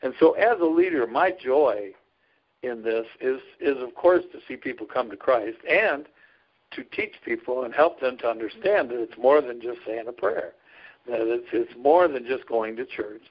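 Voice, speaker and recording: A man's voice: mid-range voice, lively intonation, moderate pace. A man who serves as a trucker chaplain and ministry leader, telling stories in a casual interview in an earnest, folksy way and laughing often. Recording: dull lo-fi recording.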